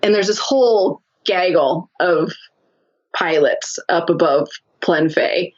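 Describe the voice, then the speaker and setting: Her voice is lowish and her pace slow, and the recording is muffled. A lively podcast guest in a casual interview, she tells stories with lots of laughter and performs other people's words.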